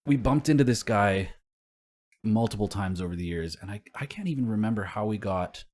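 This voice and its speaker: A man's voice: on the low side, expressive, brisk, a little mellow. A young man co-hosting a casual podcast, telling rambling stories full of swearing and laughter. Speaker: podcast co-host.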